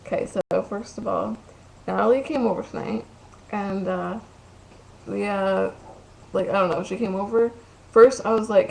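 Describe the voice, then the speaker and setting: Very gravelly young woman rambling to a webcam. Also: medium pitch, normal speed, pauses often, a little hiss or hum, low-quality recording. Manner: rambling, loses track, crude swearing. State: very tired. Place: room at home. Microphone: webcam at the computer.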